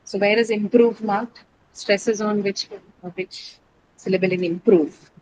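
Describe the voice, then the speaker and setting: Speaking at a measured pace in a medium, slightly mellow voice with fairly even intonation, a woman teaches English, patiently covering word stress and spelling suffixes one letter at a time. She repeatedly turns to her students with questions, and the poor audio has noticeable noise behind her.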